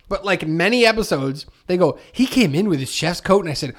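A man co-hosting a podcast in loose, casual conversation. His pitch swings widely as he gets worked up, and he keeps slipping into mock quotes of what other people say. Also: fairly quick. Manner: excitable, jumps in pitch when animated, mock-quotes people. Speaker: podcast co-host. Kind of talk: casual chat.

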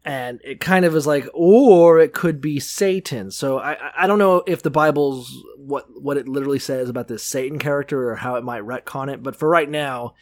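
A man's voice: mid-range voice, a little fast, few pauses. A man co-hosting a casual podcast about the Bible, swearing freely and acting out the people in his stories. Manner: animated storyteller, acts out quotes. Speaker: podcast co-host. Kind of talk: casual profane Bible-reading chat.

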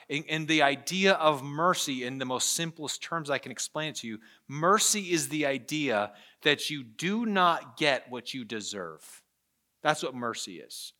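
Pastor, man, bright clear voice; earnest sermon delivery with personal stories. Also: medium pitch. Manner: earnest preaching with storytelling and repeated phrases.

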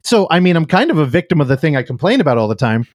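A man's voice: a little high, very animated, rapid-fire, no room sound, studio quality. A man hosting a casual film podcast, chatting loosely, laughing often and interrupting himself. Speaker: podcast host. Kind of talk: casual podcast chat about films.

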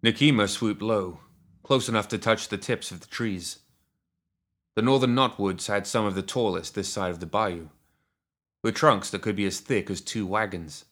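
A man reading a fantasy audiobook in a steady, measured narration. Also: lowish voice.

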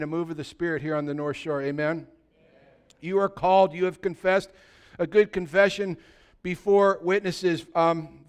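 A male pastor preaching in a church, talking to the congregation in an easy, conversational way and throwing questions out to them. His voice sits high and sounds smooth and resonant. He moves between loud, energetic stretches and quieter, softer ones. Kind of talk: sermon.

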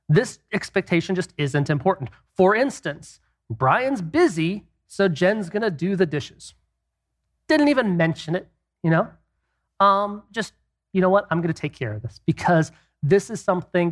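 A man with a fairly high-pitched voice gives a relaxed Christian teaching on marriage. He speaks conversationally, asking many rhetorical questions and adding casual asides.

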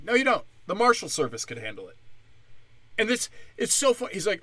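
A man's voice: fairly high pitch, sing-song, fast, fairly bright tone, dry recording. Profane, heated man ranting into a mic. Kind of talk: ranting commentary.

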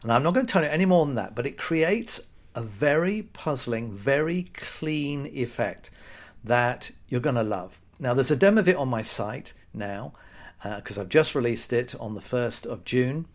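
Wry, animated man. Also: mid-range voice, normal speed. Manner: wry, sarcastic, lively storytelling. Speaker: podcast host. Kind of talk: comic monologue.

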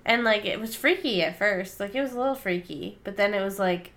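A woman's voice: medium pitch, a little fast, fairly bright tone. A woman co-hosting a podcast in casual chat, easygoing and rambling with many fillers. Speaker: podcast co-host.

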